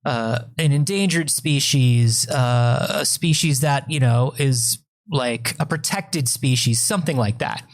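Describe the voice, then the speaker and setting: A man's voice: mid-range voice, a little slow, hardly any pauses. A man co-hosting a comedy podcast, rambling through statistics with lots of restarts. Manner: rambling, full of fillers and restarts, reads out statistics. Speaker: podcast co-host. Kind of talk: comedic casual chat.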